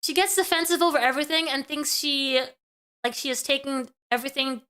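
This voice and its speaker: A woman streamer reacts live to a clip, animated and repetitive when something bothers her. Her voice sits high and sounds bright and forward. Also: brisk. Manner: animated, repeats words when worked up.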